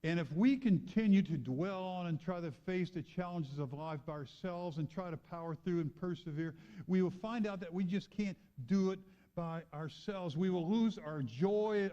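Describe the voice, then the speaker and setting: A man pastor preaching a sermon, moving between raised emphatic lines and quiet, hushed storytelling. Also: high voice, lo-fi sound. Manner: preaching with dramatic swings from loud to hushed.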